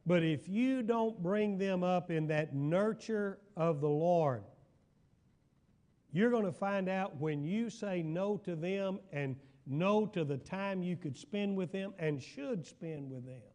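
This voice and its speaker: A man's voice: sits high, slow pace, darkish tone. An older man, a pastor teaching a Bible study in a folksy storytelling way, now and then asking his listeners if they follow. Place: church hall.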